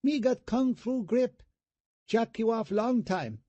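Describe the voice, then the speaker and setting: A man putting on a crude, mocking falsetto woman's voice with broken English for an audiobook character. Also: expressive, slow, dark tone, no room sound, highs cut off, full character voice.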